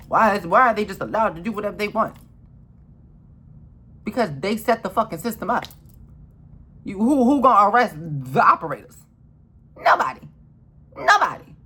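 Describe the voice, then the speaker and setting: A woman in an impassioned, swearing rant who repeats herself and swings between loud outbursts and low mutters. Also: breathy edge.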